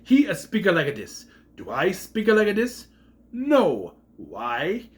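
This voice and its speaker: A man's voice: sits high, huge pitch swings, slow pace, pitched above the performer's own voice, heavily acted. A man doing a haughty professor. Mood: scornful. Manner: haughty, scolding. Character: pompous middle-aged English professor, scornful.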